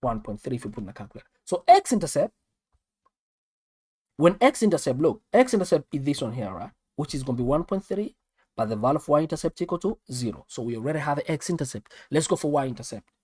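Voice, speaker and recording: A man's voice: fairly high pitch, fairly quick, no echo, clean studio sound. A man with a South African accent teaching a live online maths lesson, repeating each step and talking straight to his viewers. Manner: animated, repeats steps, talks straight to viewers. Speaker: maths tutor.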